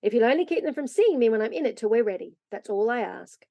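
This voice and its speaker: A steady, practical older boy, as a woman puts him on, calm and reassuring. The voice is slightly raised and sits in a dry, close recording. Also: on the high side, fast, vocal fry, dry recording.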